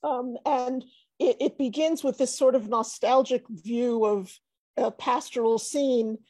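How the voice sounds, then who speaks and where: A woman's voice: on the high side, steady tone, unhurried, darkish tone, no room sound. A woman giving an academic panel talk over a video call, hesitant with many fillers and restarts.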